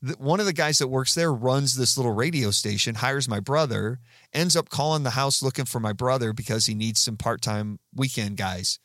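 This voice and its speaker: A man's voice: mid-range voice, normal speed, a bit bright, no room sound, clean studio sound. A man in his fifties casually telling rambling stories about his career as a guest, with fillers and restarts. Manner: chatty, rambling anecdotes with frequent fillers and restarts. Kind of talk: casual storytelling.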